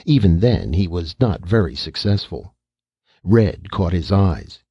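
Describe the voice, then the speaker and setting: A man's voice: very animated, a little slow, husky, muffled recording. A man reading a science fiction short story aloud as an audiobook narrator, giving each character a voice of his own. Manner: reads every character's lines himself, lifting his pitch for children and the mother.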